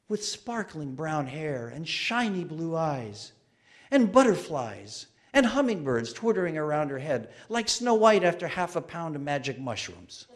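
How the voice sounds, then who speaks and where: A man in his fifties telling a wry, self-deprecating personal story on stage. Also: fairly high pitch. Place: museum stage.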